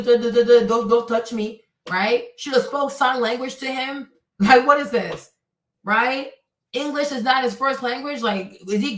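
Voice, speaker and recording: A woman's voice: on the high side, fairly bright tone, recorded from a distance. A woman hosting a livestream, ranting in a blunt, profane and sarcastic way, often breaking into laughter. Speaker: livestream host. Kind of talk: casual commentary rant. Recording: roomy sound, voice off-mic.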